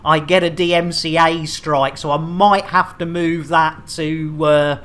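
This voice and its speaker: A man's voice: fairly high pitch, steady tone, measured pace, fairly bright tone, clear, resonant tone. A man chatting to viewers while streaming a space game, jokey and chatty. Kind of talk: casual game streaming chat.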